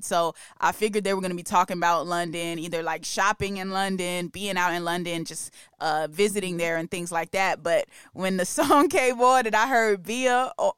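A woman co-hosts a music show, her slangy, enthusiastic talk full of laughs. Her voice is smooth and resonant. The sound is dry and close. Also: mid-range voice, fairly bright tone, no room sound. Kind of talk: casual music chat.

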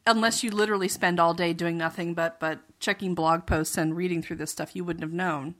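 A woman on a casual book club podcast panel, speaking in a wry, animated way. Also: fairly low pitch, brisk.

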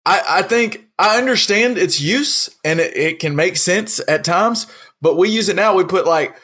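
A man co-hosting a podcast, ranting in an animated way about a pet peeve and acting out little quoted exchanges. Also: high-pitched, normal speed. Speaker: podcast co-host. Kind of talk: casual podcast rant.

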